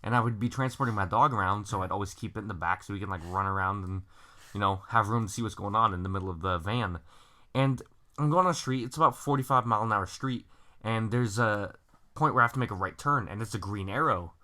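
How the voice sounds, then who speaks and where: A man casually telling a profane story on a friends' podcast, acting out his own yelling. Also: fairly low pitch, fast talker. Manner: animated, profane, acts out his own shouting. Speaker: podcast co-host.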